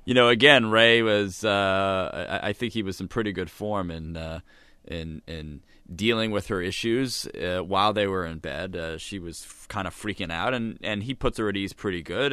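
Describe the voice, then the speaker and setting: Hesitant low-voiced man, bright tone. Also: moderate pace, clean tone, no echo. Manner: hesitant, many fillers. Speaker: podcast co-host. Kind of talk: casual chat.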